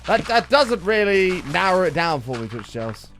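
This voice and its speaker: Lively, swearing male game streamer. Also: high voice, moderate pace, slight background noise. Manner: animated, swears, reads chat aloud. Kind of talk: casual live gaming commentary. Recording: music playing behind.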